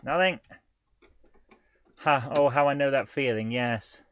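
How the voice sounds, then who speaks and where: A man's voice: mid-range voice, takes it slowly, a bit bright. A man in his forties hosts a live retro gaming show, chatting casually in a rambling, self-deprecating way with chuckles. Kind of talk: casual livestream chat.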